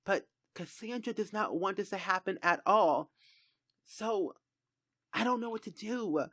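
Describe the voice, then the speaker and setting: A woman streamer giving let's play commentary, exasperated and animated, talking straight to the game characters and retelling the drama. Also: medium pitch, measured pace, dry recording, clean studio sound. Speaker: gaming streamer.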